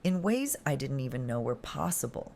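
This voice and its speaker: A woman narrator gives voice to a cruel man who mocks without raising his voice. His tone is calm, indulgent and contemptuous, set low yet moving in wide, lively sweeps through a scripted story. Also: creaky, full character voice. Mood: cold mockery. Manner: calm, mocking, drawn-out.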